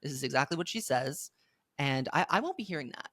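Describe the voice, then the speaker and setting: Low-voiced woman podcast co-host. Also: animated, brisk, fairly bright tone, no echo. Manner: blunt, emphatic, dry asides. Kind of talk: casual chat.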